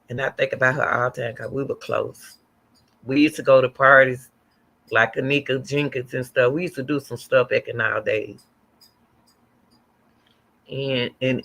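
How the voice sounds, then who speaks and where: A middle-aged woman hosts a casual livestream and talks straight to her viewers. Her voice is gravelly and bright, with a forceful edge. She rambles and answers comments as they come in. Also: sits low. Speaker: livestream host.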